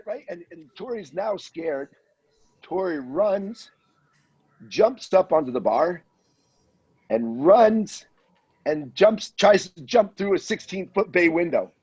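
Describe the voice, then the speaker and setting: A man in his fifties telling a wild anecdote in a casual, animated way, acting out the voices of the people in it. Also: high voice, slow pace, long pauses, husky. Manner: animated storyteller, acts out voices. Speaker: guest storyteller. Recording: dull lo-fi audio.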